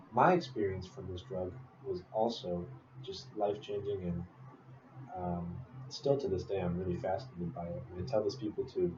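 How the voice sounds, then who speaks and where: A man's voice: sits low, dull audio. A young man telling a personal story in a casual, rambling way, full of fillers and asides. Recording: distant roomy mic with noise.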